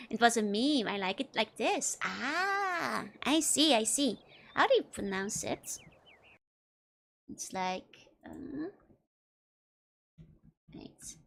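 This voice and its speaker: A woman's voice: a little high, sing-song, drawn-out words, gravelly, pauses often, fairly bright tone, slight background noise. A young woman, streaming a game and chatting with viewers, giggling often. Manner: giggly, laughs often between remarks. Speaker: VTuber streamer. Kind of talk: casual let's-play chat with viewers.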